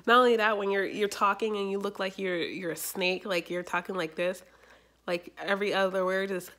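A young adult woman chatting casually in a vlog, rambling and animated, with lots of fillers. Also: medium pitch, a little fast. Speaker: YouTuber.

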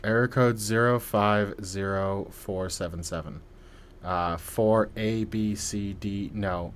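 A man's voice: on the low side, fairly even intonation, slow pace, slight background noise. Jokey man narrating a horror game. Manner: jokey, swings between quiet muttering and loud yelps; reads on-screen text aloud. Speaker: let's play gamer. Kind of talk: casual gameplay commentary.

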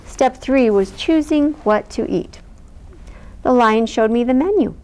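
Slow, playful woman reading a picture book. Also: on the high side, expressive, darkish tone. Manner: playful, laughs between lines. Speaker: storytime reader.

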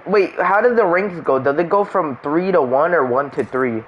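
Streaming a game, a young man trades laughs and playful curses with his friends in relaxed conversation. He speaks at a normal speed with a fairly high pitch, though the recording is muffled and has slight background noise.

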